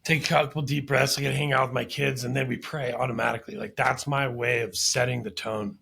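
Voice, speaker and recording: A man's voice: mid-range voice, fairly even intonation, fairly quick, creaky, sharp tone, breathy edge. A man hosting a podcast interview, chatting casually and enthusiastically, tying what he hears back to his own daily life. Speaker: podcast host.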